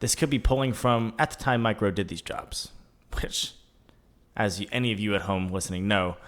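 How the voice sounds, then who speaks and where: A man's voice: on the low side, normal speed, a bit bright. A young man co-hosting a casual podcast, joking around and reading job facts aloud. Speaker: podcast co-host. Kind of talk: casual chat.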